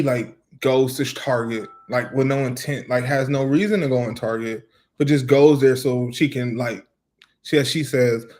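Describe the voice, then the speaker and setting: Animated man ranting in casual chat. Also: medium pitch. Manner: animated storyteller, imitates his wife in a raised voice; joking, ranting, bantering. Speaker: co-host of a couple's channel.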